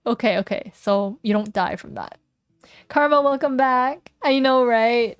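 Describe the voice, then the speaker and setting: A woman's voice: fairly high pitch, unhurried, no echo, studio quality. Playful woman streamer reading a game. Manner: playful and giggly, jokes with chat. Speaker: vtuber streamer. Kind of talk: reading a game aloud with voices.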